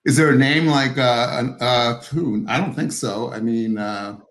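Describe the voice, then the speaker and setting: A man's voice: mid-range voice, measured pace, a bit bright, reverberant, low-quality recording. A man, an author being interviewed, who talks hesitantly with many fillers and restarts. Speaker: author guest. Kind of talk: interview over video call.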